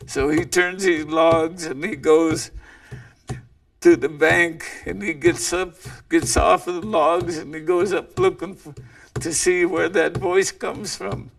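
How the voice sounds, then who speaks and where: Slow, gravelly male storyteller. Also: fairly high pitch, steady tone. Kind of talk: oral legend telling. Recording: voice distant from the mic.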